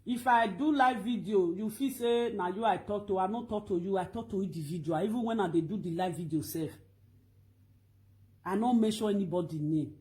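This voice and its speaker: A middle-aged woman with a Nigerian Pidgin accent, ranting loudly and emphatically to her online followers in a scolding, repetitive way. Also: medium pitch, brisk. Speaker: Facebook live video blogger. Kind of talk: animated ranting monologue.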